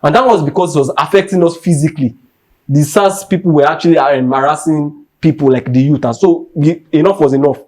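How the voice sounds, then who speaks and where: A man's voice: a little high, brisk, a little mellow. Impassioned Nigerian man ranting. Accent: Nigerian English. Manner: heated and emphatic, repeating points. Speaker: podcast host. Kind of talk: impassioned rant.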